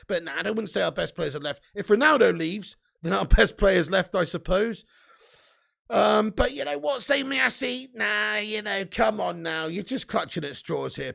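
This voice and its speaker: Gravelly-voiced young man. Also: high-pitched, a bit bright. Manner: banter with frequent swearing and laughter. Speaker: live-stream host. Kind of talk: casual live-stream chat.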